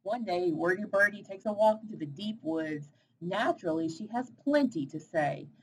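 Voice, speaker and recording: A woman reading a children's picture book aloud in an expressive, animated way. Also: mid-range voice, normal speed, background noise. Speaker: storybook reader.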